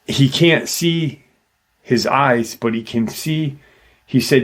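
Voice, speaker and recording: A middle-aged man slowly retelling a witness's eerie encounter in a casual, halting way, with many fillers. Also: medium pitch. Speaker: host retelling a witness account. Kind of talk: casual storytelling.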